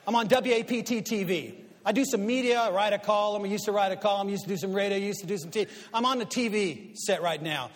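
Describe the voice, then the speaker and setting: A man in his fifties speaking to a live audience, an animated storyteller who swings from quiet asides to loud punchlines. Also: high-pitched, quick pace. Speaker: guest speaker and media commentator. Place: large hall before an audience. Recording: long reverb of a large hall.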